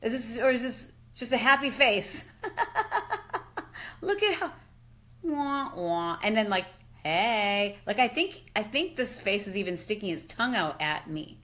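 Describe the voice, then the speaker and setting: Animated woman on a live chat. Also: mid-range voice, normal speed. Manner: animated and exclamatory, often says "dude". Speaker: fitness and lifestyle expert. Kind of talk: excited casual live chat.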